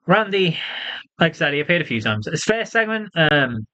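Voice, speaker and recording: A man giving a casual solo wrestling review, animated and swearing freely, often laughing. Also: fairly high pitch, moderate pace, highs cut off.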